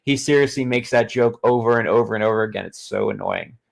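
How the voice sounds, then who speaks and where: A male streamer giving sarcastic running commentary as he reads, deadpan and mocking, often restarting his sentences. His voice is gravelly with creaky fry and a mid-range pitch. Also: fast. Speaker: streamer reading a book aloud.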